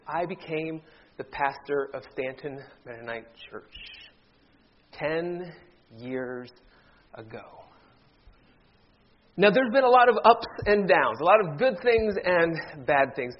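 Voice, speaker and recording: A man in his thirties from Ohio, a pastor preaching to his church, telling a joke story and then speaking warmly about his years there. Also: on the high side, dull audio. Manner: jokey storyteller turning heartfelt. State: briefly emotional. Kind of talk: sermon with a joke opening. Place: church sanctuary.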